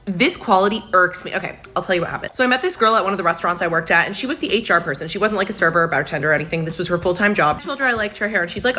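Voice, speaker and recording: A young woman talks quickly in a bright, forceful voice. She tells a personal story as casual chat, animated and indignant. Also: medium pitch.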